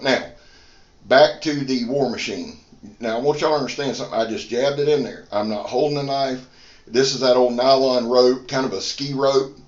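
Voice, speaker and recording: A man reviews a knife for his channel in an easy, folksy way, poking fun at himself and cussing casually. His voice sits in a middling range. The recording has a noticeable room echo and a slightly muffled, lo-fi tone. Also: medium pitch. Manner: folksy, self-deprecating, swears casually. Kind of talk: casual product review vlog. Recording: roomy, slightly muffled sound.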